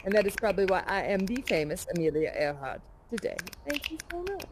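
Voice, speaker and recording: A woman's voice: mid-range voice, very animated, a little fast, very noisy, lightly acted. An actress playing a plucky, adventurous woman aviator of the 1930s, leading a live audience with folksy, hearty storytelling. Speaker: live actor in a virtual reality theater show. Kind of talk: interactive theatrical role-play with an audience.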